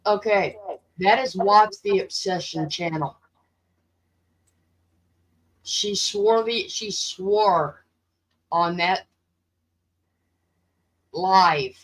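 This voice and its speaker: A woman in a casual chat, calmly pointing things out on a shared screen. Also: mid-range voice, drawn-out words, long pauses, low-quality recording. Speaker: chat participant sharing her screen.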